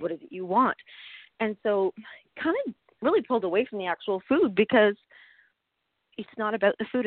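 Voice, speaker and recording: A middle-aged woman chatting as an interview guest, animated and quick to laugh, with many fillers. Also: fairly low pitch, dry recording. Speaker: interview guest, author and nutritionist. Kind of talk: casual interview conversation. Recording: tinny phone-like line.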